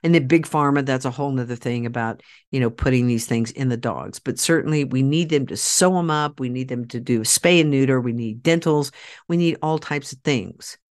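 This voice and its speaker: A woman hosts a podcast, addressing listeners directly in a persuasive, rallying monologue, emphatic and repeating key phrases for force. Her voice is very deep, a little mellow, and brisk.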